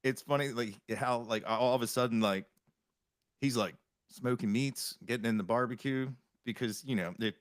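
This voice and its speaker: A man's voice: medium pitch, smooth, no echo. Dry-sounding male podcast host. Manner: laughing, halting with restarts. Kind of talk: casual podcast chat.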